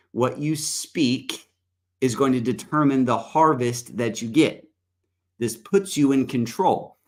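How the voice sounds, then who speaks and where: Conversational man teaching a Bible study. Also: medium pitch. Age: adult parent. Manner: conversational, with personal stories and scripture readings.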